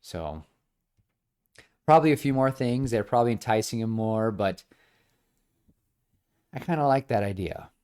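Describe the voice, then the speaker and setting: Casual male co-host, animated, acts out bits and says "like" a lot. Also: fairly low pitch, clean tone. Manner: animated, acts out scenes with quick voices; frequent fillers like "like". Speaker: podcast co-host. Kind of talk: casual pitch-meeting chat.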